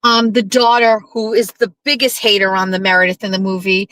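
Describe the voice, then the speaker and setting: Woman host, casual monologue, lively storyteller who acts out lines, crisp and forceful tone. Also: medium pitch, a little fast, few pauses, no echo, low-quality recording. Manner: animated storyteller who acts out quoted lines, blunt and profane. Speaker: podcast host.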